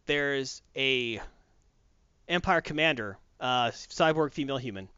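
A man's voice: medium pitch, animated, a little slow, sharp tone, smooth, no room sound. A man in casual chat, retelling a story animatedly and acting out characters. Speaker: podcast co-host. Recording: dull dry sound.

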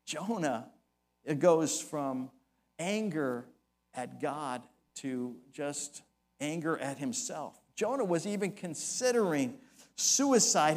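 A male pastor preaching a sermon, acting out scripture voices with dramatic shifts. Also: high voice. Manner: dramatic, acts out quoted voices.

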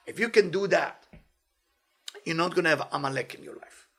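Man, Torah teacher, husky voice, high pitch, playful, animated. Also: moderate pace. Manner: animated, playful, non-native English phrasing. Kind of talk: weekly inspirational Torah talk.

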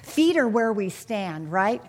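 A woman's voice: mid-range voice, big pitch swings, takes it slowly. A middle-aged woman teaching the Bible to a small group in an earnest, confiding way, often asking her listeners questions.

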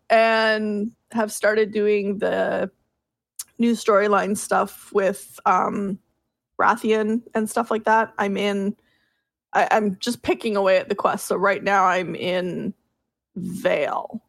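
A woman co-hosting a casual gaming podcast, telling animated stories, laughing often and swearing casually. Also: medium pitch, slow, vocal fry, no room sound, clean studio sound. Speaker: podcast co-host.

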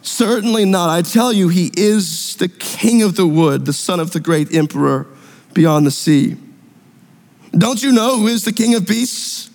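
A man's voice: sits high, animated, a little slow, darkish tone. A man reading as a stern storybook beaver. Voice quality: plain reading voice, no accent. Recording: long reverb in a large hall.

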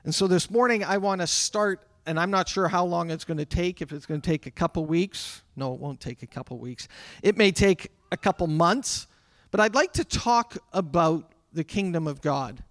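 A man's voice: high-pitched, moderate pace, no room sound. A man preaching a sermon to his congregation in a conversational way, with asides to the people in the room. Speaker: pastor. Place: church sanctuary.

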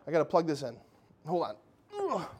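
Man, slightly high voice, animated storyteller, Catholic faith talk to a young crowd. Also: a little fast, background noise. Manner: animated storyteller, addresses listeners as "guys". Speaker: Catholic speaker.

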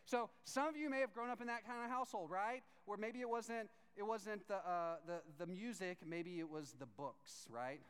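A young male pastor preaches in a loose, conversational way, acting out the people in his stories and checking in with the room. His voice is a touch high and smooth, and it rings out with a long reverb, as if in a large hall. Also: normal speed, hardly any pauses, fairly bright tone. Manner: storytelling with quoted voices, frequent "right?" tag questions. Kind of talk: sermon.

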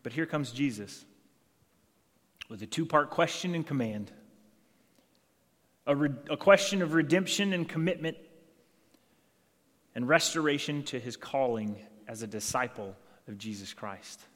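A man's voice: medium pitch, unhurried, pauses often, fairly bright tone. A male pastor delivers an earnest sermon. His voice sits in a middle register and trails off into the long reverb of a church sanctuary. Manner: earnest, acts out dialogue in scripture passages.

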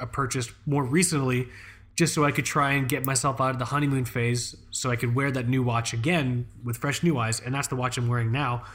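A man's voice: medium pitch, a bit bright. A man co-hosting a podcast in casual chat, rambling and profane, full of fillers and restarts. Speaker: podcast co-host.

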